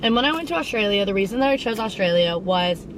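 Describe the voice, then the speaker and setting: A young woman of around twenty talks in a loose, chatty way, drifting off on tangents and sprinkling in fillers. Her voice sits at an ordinary middle pitch. A faint hum of traffic runs behind her. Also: animated, quick pace. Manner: rambling and chatty, full of tangents and "like". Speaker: podcast host. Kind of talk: casual chat.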